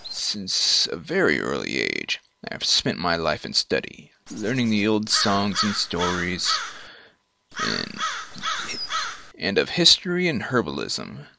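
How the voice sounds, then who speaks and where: A man's voice: low-pitched, wildly swooping pitch, gravelly, noisy background, full character voice. Man doing a solemn old druid. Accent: put-on foreign accent, not his own. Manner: slow, solemn delivery with hushed, whispered drops. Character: weary old male druid, solemn and mysterious.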